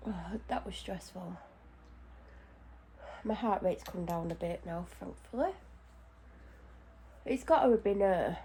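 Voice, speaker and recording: A woman's voice: medium pitch, darkish tone, husky. A woman chatting casually at home while doing her skin care, anxious and out of breath. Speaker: vlogger. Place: home bedroom.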